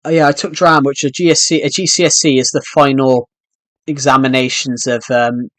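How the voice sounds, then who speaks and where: A young British streamer from the United Kingdom talks fairly quickly and flatly while playing, rambling with frequent restarts. His voice is medium-pitched and fairly bright, with no echo.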